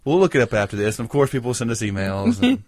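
Racing along in a mid-range voice, a podcast co-host chats casually and tells rambling, joking, animated stories. The recording is dry and studio quality.

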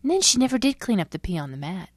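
A woman's voice: medium pitch, very animated, racing, no echo. Giggly woman telling a story. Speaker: podcast co-host. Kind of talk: casual chat, storytelling.

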